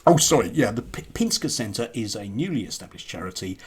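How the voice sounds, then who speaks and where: A man with a husky voice talks through a news piece in a casual commentary vlog. His pitch swings widely as he drops dry, sarcastic asides. He stumbles often, with frequent ums, uhs and restarts. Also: sing-song, brisk, darkish tone. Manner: sarcastic asides, hesitant with many fillers and restarts. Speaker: commentator reading and critiquing a news article.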